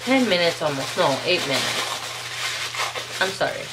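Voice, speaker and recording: A woman vlogger chatting casually as she unboxes nail polish, gushing and excitable, talking straight to her viewers. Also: on the low side, slow pace, heavy background noise.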